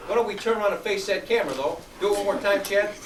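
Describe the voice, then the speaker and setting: A man's voice: high voice, rapid-fire. Middle-aged guy running a kids class, peppy, far from the mic, lots of room echo. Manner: upbeat, encouraging, calls out to students. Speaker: youth program instructor. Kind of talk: classroom coaching. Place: large room with student tables. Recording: echoey room recorded from far, noisy.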